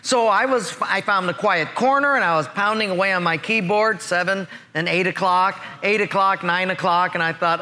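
A man preaching a sermon, telling a personal story and acting out the dialogue in lively fashion. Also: sits high, normal speed, hardly any pauses. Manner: animated, acts out dialogue in his stories. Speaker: pastor.

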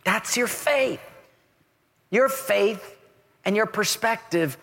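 Male pastor, high bright voice, lively storytelling preacher; long hall reverb. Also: slow, creaky. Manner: animated storyteller, acts out quoted voices with big pitch swings. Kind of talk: sermon.

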